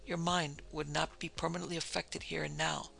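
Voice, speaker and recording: A man voicing a calm, gentle male doctor of psychic cases who speaks in measured, reassuring tones. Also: a little high, gravelly, heavily acted, poor audio.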